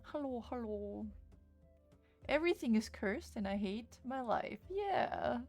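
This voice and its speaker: A young woman with a gravelly, fry-laden voice runs a laid-back book stream. She chats loosely and curses often, and faint music plays underneath. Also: on the high side, slow pace. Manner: chatty, swears freely, greets chat excitedly. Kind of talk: casual livestream chat.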